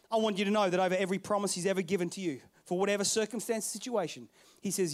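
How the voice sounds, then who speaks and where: A man over thirty-five preaching a sermon, telling stories and swinging between loud bursts and hushed lines. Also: high voice, fast, hardly any pauses.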